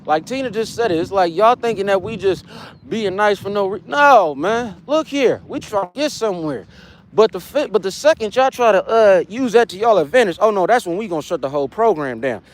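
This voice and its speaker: Animated high-pitched man ranting on stream. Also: brisk. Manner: heated, profane, street slang, repeats "you know what I'm saying". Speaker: livestream host. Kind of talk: casual livestream rant.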